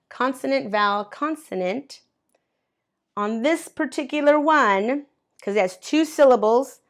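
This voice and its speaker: Slow, clear-voiced woman ESL teacher. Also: a little high. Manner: slow, patient, spells out letters and claps syllables. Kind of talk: classroom grammar lesson. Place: at a board, writing in colors.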